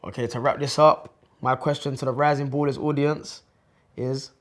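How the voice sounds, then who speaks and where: A man's voice: medium pitch, little pitch movement, moderate pace. A man in his twenties, a former footballer, telling his story in a loose, chatty way full of slang fillers. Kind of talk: casual storytelling to camera.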